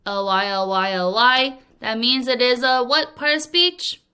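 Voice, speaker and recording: A woman's voice: a little high, unhurried, pushed and bright, clear, resonant tone. A woman teaching English vocabulary to young students in a recorded lesson, acting out example sentences playfully and laughing often at her own acting.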